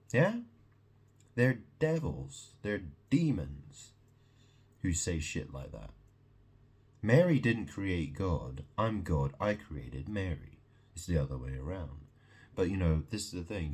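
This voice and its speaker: Man, very low and husky, slow rambling monologue, swears, repeats himself, keeps asking "yeah?". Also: darkish tone. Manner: rambling, repetitive, profane, keeps checking in with "yeah?".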